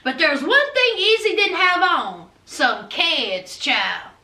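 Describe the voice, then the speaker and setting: A woman giving a chatty, animated recap of a TV episode, calling her viewers "honey" and "child" as she talks. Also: very high voice, slow pace. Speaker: TV episode reviewer. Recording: roomy, distant from mic.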